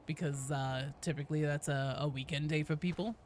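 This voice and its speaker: A young woman streaming a game, chatting casually and greeting viewers with bursts of excitement. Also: sits low, a little fast, slight background noise. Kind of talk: casual gaming stream chat.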